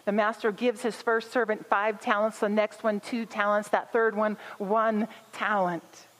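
A woman's voice: mid-range voice, long reverb tail, low-quality recording. A woman pastor giving an earnest sermon, building emphasis through repetition.

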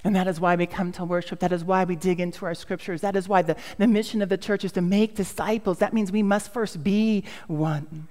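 A woman's voice: on the low side, fairly even intonation, brisk, few pauses, a little mellow, in a large hall. Woman pastor preaching with playful humor. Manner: storytelling, self-mocking humor, acts out quoted voices. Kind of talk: sermon.

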